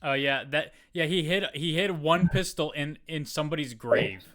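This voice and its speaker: A man's voice: fairly high pitch, moderate pace, fairly bright tone. A young man co-hosting a casual podcast, tossing in joking profane quips. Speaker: podcast co-host. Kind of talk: casual chat.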